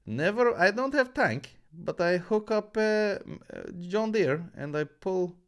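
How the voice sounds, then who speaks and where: A man's voice: high voice, lively intonation, measured pace, clean tone, pitched above the performer's own voice. A man voicing a boastful Eastern European farmer in a mock accent and broken English. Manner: broken English, brash and yelling.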